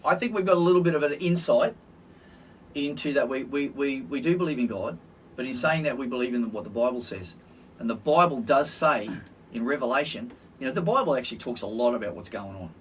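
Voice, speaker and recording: A man's voice: medium pitch, brisk. Older Australian man, chatty, off-mic. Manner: animated, jokey, trails off and restarts. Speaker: podcast co-host. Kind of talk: casual chat. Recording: distant mic with faint hiss.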